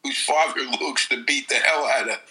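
Middle-aged podcast co-host, very bright and sharp tone, casual and reactive. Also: male voice, mid-range voice, moderate pace, rough recording. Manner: casual, short reactive remarks. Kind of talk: casual chat.

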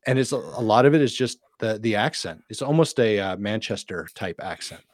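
Man, podcast co-host, somewhat low voice, dry close sound, enthusiastic rambling. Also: expressive, a little fast, no room sound. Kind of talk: casual chat.

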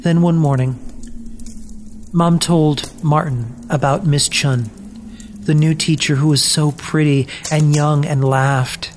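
Brief: unhurried storybook reader, mid-pitched, gentle and measured, faint hiss behind. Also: steady tone. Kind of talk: scripted narration of a children's story.

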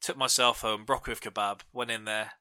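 A young man tells funny stories on a casual podcast. His voice is very bright, recorded dry and close. He laughs a lot and livens up when quoting people. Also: lowish voice, quick pace, clean tone, no echo. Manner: laughing storyteller, animated in quoted bits. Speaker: podcast co-host. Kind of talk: casual chat.

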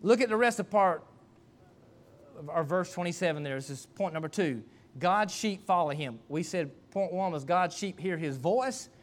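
A man's voice: sits high, lively intonation, normal speed. A middle-aged man preaching a sermon, a pastor telling a personal story in a folksy, conversational, self-deprecating way.

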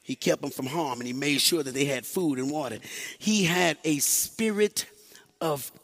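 A male pastor preaching a sermon, moving from quiet, slow talk to shouted, sing-song exhortation and calling on the congregation to answer. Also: a little high. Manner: calls on the congregation to respond.

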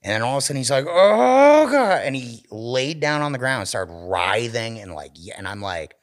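A man's voice: mid-range voice, brisk. A man, a podcast co-host, telling a story in casual chat, swearing a lot and acting out the voices of the people in it. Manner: animated, profane storytelling with acted quotes.

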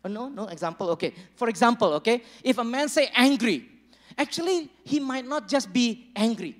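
A man acting as pastor preaches a sermon in a church hall, chatting and joking with the congregation and acting out little dialogues. His voice is extremely high-pitched, animated, and fairly bright, at a normal speed. The recording carries the long reverb of a large church hall.

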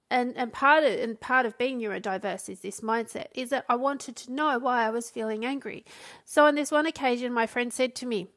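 Talking alone on her podcast, this woman coach keeps restarting her sentences and acts out quotes in a conversational way. She speaks with a higher, slightly bright voice marked by vocal fry.

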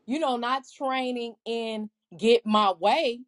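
An earnest woman talks through her faith at an unhurried pace, her voice set a little high. She stumbles and restarts mid-sentence, then reads scripture passages aloud. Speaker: podcast co-host. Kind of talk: casual faith discussion.

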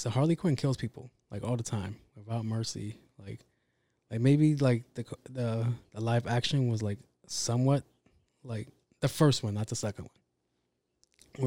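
A man's voice: medium pitch, warm tone, no echo. A man hosting a podcast, talking in a casual, rambling monologue full of swearing and self-interruptions. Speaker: podcast host.

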